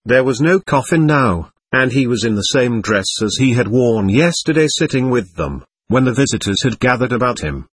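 A man narrating a literary audiobook in an expressive, dramatic reading. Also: medium pitch, normal speed, few pauses, husky, no echo.

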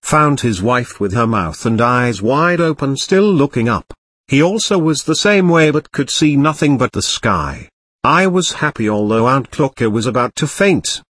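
Un homme lit un récit à la première personne, d'un ton simple et régulier. Sa voix est légèrement voilée, un peu rauque. La prise de son est sèche et proche, sans écho. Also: male voice, medium pitch, animated, normal speed, a bit bright, slightly rough, no room sound. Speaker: narrator. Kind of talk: first-person storybook reading.

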